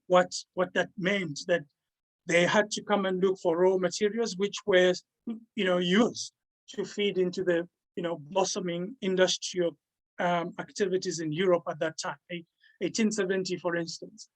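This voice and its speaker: A man with a high voice and little pitch movement gives an academic talk on a book he wrote, joining by video call. He keeps stopping and restarting, repeating words, and the recording is rough.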